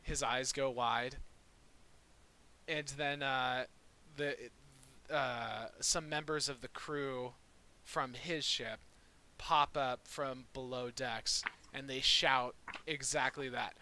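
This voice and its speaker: A man's voice: mid-range voice, steady tone, slow, sharp tone. A man narrating as dungeon master, casual and rambling with many fillers. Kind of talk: narrating a tabletop game.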